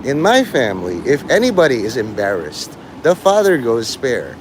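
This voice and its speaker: A man's voice: mid-range voice, huge pitch swings, moderate pace, background noise. A man livestreaming, rambling and teasing his chat, breaking into mock-angry, swearing rants.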